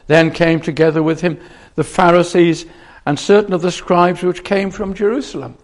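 A man's voice: high-pitched, fairly even intonation, moderate pace. A man preaching a sermon, earnest, often restarting and repeating phrases as he explains a Bible passage.

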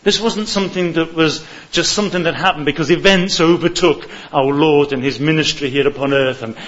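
A man preaching a sermon in an earnest, measured way, often repeating words for emphasis. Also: a little high, a bit bright. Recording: slightly muffled lo-fi recording.

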